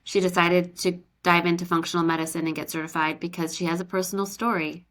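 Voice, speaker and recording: A woman's voice: lowish voice, level tone, quick pace, fairly bright tone. A woman co-hosting a podcast, speaking in a friendly, enthusiastic way. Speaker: podcast co-host.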